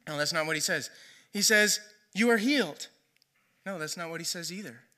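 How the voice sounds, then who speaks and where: Bright, high-voiced male preacher. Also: fast. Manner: conversational storytelling, often asks "right?". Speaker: pastor. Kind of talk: sermon.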